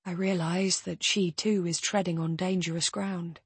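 Breathy woman narrating an audiobook. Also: on the low side, little pitch movement, normal speed, no echo. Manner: quiet, strained.

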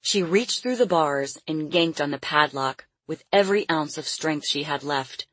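Audiobook narrator, woman, low husky voice, dry and close. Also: animated, moderate pace, dry recording. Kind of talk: scripted narration.

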